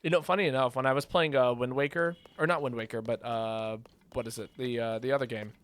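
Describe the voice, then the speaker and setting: A man's voice: mid-range voice, steady tone, quick pace, a bit bright, clear, resonant tone. A young man streaming a video game, giving rambling, chatty commentary full of fillers. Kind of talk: casual gaming commentary. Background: faint game music.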